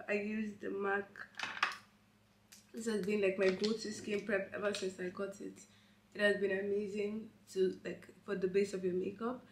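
A young woman with a hoarse voice from a cold, chatting casually in a get-ready-with-me vlog. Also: medium pitch, a bit bright. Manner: chatty and rambling, many fillers. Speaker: vlogger. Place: indoor room, doing makeup. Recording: roomy echo.

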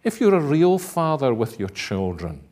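A man preaching a sermon, deliberate and emphatic, at times acting out dramatic cries. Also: medium pitch, very animated, darkish tone.

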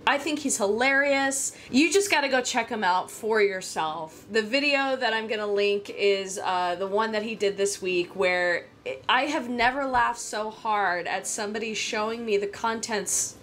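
A woman's voice: fairly high pitch, moderate pace, a bit bright, slight background noise. A woman hosting her own fitness vlog, chatting casually in an upbeat, gushing way with small restarts. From United States. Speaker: fitness vlogger and channel host.

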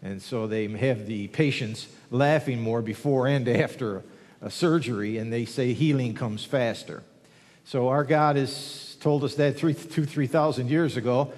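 A man's voice: mid-range voice, normal speed, darkish tone. Jovial male preacher in a reverberant church. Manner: folksy, joking, then rising in fervor. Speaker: guest preacher. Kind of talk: sermon with jokes. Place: church sanctuary.

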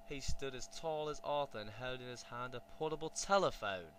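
A man narrating a children's storybook in a lively, expressive way. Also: medium pitch, normal speed, hardly any pauses, a little hiss or hum, low-quality recording. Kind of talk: storybook reading.

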